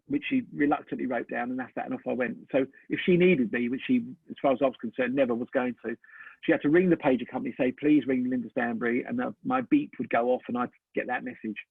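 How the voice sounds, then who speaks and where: Fast-talking man on a tinny line. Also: mid-range voice, gravelly, slightly rough, dry recording. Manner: animated storyteller acting out both sides of dialogue. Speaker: photographer, interview guest. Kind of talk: casual anecdote in an interview. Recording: dry, tinny phone-like call audio.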